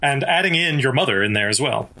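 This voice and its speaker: Measured man reading and discussing. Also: medium pitch, expressive, pushed and bright. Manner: reads passages aloud, thoughtful and measured. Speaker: podcast co-host. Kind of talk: casual book-discussion chat.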